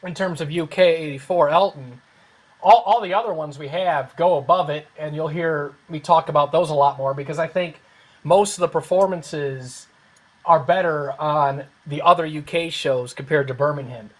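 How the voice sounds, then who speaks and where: A man with a high voice hosts a relaxed panel discussion. He thinks out loud and softens his points with repeated fillers. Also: normal speed, poor audio. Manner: rambling, hedging with fillers. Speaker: host. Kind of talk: casual online panel chat.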